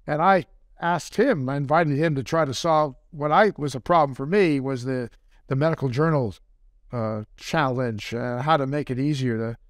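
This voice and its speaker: An older man speaking as a podcast interview guest, relaxed and rambling, with a self-deprecating manner. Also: mid-range voice, moderate pace, no echo, clean studio sound. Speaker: guest, company founder and surgeon.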